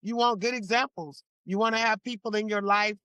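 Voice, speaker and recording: A woman's voice: mid-range voice, steady tone, fairly quick, clear, resonant tone, no room sound. A woman speaking as a guest on a faith podcast, giving earnest advice in casual conversation. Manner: earnest, warm advice-giving, exclaims to the Lord. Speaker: podcast guest, church mentor.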